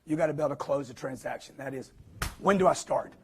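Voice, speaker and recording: A man giving a live motivational sales talk to an audience, emphatic and preachy, with punchy repetition and quick acted-out quotes. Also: mid-range voice, darkish tone, slight background noise. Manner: acts out quotes in put-on voices.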